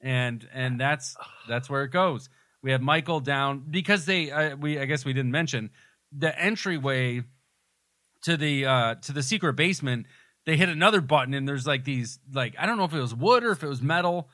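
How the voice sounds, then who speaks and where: A man's voice: medium pitch, normal speed, pushed and bright, no room sound. A man co-hosting a podcast, casually retelling movie scenes in detail and laughing often. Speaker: podcast co-host.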